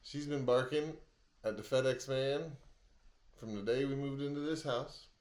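An easygoing man co-hosting a podcast, chatting casually. His voice is mid-pitched, and the room around him sounds echoey. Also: normal speed, a little mellow. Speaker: podcast co-host. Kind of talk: casual chat.

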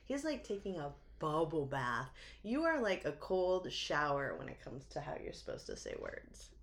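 A woman's voice: sits low, wildly swooping pitch, moderate pace. A woman with a New England accent, co-hosting a podcast and telling stories with lots of laughter and animation. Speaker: podcast co-host. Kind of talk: casual podcast chat.

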